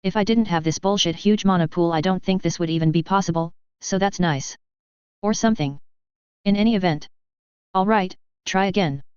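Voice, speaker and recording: A woman reads first-person fan fiction aloud in a casual, wry voice, tossing in dry asides. Her voice sits a little low and is very smooth and clear. It is recorded close in a dead-dry space, with slightly dull, lo-fi sound. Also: moderate pace, a little mellow, dry recording. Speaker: reader.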